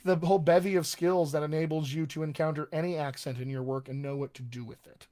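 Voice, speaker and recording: A man's voice: on the high side, fairly even intonation, quick pace, warm tone. A man working as a dialect coach, talking casually on a live-streamed Q&A, chatty with many fillers and restarts.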